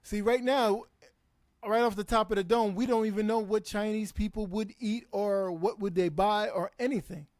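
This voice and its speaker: A man co-hosting a casual podcast debate, mostly chiming in with quick agreement and blunt pushback. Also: high voice, steady tone, a little mellow, dry recording, clean studio sound.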